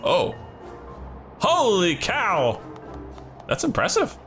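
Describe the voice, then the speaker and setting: Casting: animated let's-play host, man, slow drawl with huge pitch swings, game music faint behind. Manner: animated, laughing, reacting loudly. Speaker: gaming channel host.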